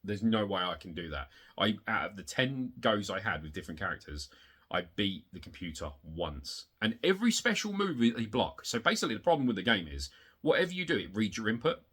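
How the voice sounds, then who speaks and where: Animated, husky man ranting. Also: brisk. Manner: excitable, swearing, rants with big pitch jumps. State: hot and sweaty. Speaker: retro game collector vlogger. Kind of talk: casual rambling show-and-tell.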